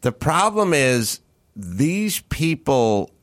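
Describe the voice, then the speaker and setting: A man's voice: medium pitch, big pitch swings, very slow, a bit bright. A man ranting with heavy swearing in casual podcast chat. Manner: profane, ranting.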